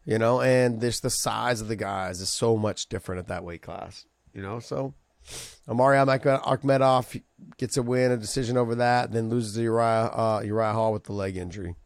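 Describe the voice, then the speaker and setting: A man with a rough, gravelly edge to his voice talks loosely and profanely as a podcast co-host. He tells stories with lots of fillers and restarts, recorded up close with no room sound. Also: fairly low pitch, normal speed, no room sound. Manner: profane, animated storytelling with many fillers. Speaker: podcast co-host, former fighter. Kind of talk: casual chat.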